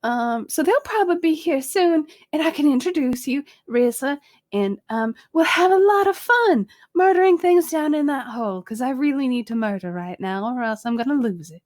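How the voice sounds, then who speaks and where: Woman role-playing her dnd character, high voice, rambly, lots of ums. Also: animated, moderate pace, a little mellow. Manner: rambling, hesitant, self-conscious. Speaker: player. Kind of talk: casual in-character role-play.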